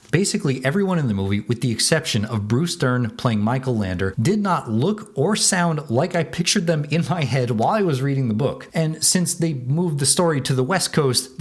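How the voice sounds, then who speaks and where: Male reviewer, mid pitch, plainspoken and casual commentary read. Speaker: book and film reviewer. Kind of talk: scripted video commentary.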